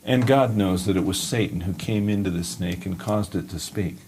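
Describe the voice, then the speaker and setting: Low-voiced male Bible teacher. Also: normal speed, darkish tone, a little hiss or hum. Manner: storytelling, asks and answers his own questions. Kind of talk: teaching sermon.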